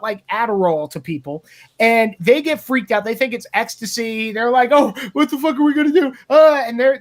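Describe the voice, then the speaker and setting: A man's voice: very high-pitched, a bit bright. A man telling rambling, profane stories in a casual podcast chat. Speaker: podcast co-host.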